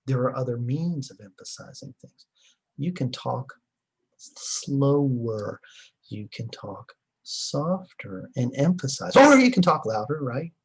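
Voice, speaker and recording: A man's voice: medium pitch, creaky, darkish tone, breathy edge. A man lecturing a class in a conversational way, with fillers and short emphatic repeats.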